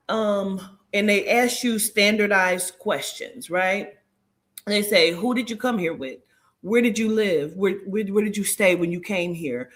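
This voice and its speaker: A woman telling a story in casual chat, animated and profane, acting out the dialogue. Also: mid-range voice. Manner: animated, profane, acts out dialogue in shifting voices.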